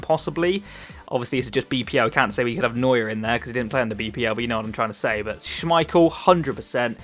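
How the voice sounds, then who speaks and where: This gaming YouTuber, a Cornish man in his twenties, has a mid-range, fairly bright voice. His gameplay commentary is casual and chatty, rambling along with lots of ums and repeated words.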